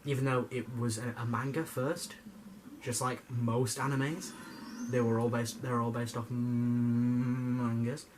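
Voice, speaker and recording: A man's voice: mid-range voice, little pitch movement, measured pace, noisy background. A young man giving jokey, rambling commentary over his gameplay, stammering and swearing now and then. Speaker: gamer.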